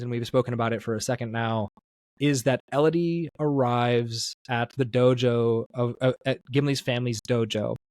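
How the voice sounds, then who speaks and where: Male podcast host, mid-pitched, filler-heavy and rambling, dry close sound. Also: no room sound. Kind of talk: casual podcast interview.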